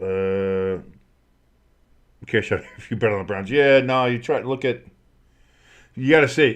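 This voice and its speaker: A man calling a football game play-by-play for a fan stream. He chats loosely with crude jokes, then shouts with excitement when a big play happens. His voice sits at an ordinary middle pitch. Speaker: play-by-play host.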